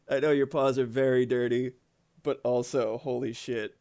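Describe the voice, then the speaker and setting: A man's voice: medium pitch, steady tone, normal speed, darkish tone, no echo. A man streaming live from home, chatting casually with his audience and swearing now and then.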